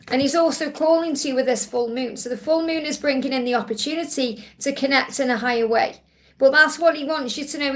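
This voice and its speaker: A woman's voice: high voice, fairly bright tone. A woman hosting a live Q&A stream, doing tarot readings in a soothing, reassuring way and repeating her key phrases.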